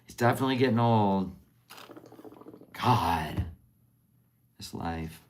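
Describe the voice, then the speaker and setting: A woman's voice: a bass voice, lively intonation, takes it slowly, darkish tone, slight background noise. A middle-aged woman hosting a casual livestream. She talks tenderly and openly emotionally, rambling and trailing off mid-sentence. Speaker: livestream host.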